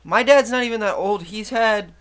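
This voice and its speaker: A man in casual chat, excitedly telling a story about his dad between laughs. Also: high-pitched, moderate pace, smooth.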